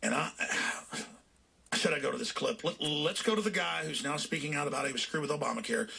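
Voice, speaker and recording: A man hosting a talk show, delivering a fiery political rant that swings into shouting. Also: a little high, brisk, gravelly, husky.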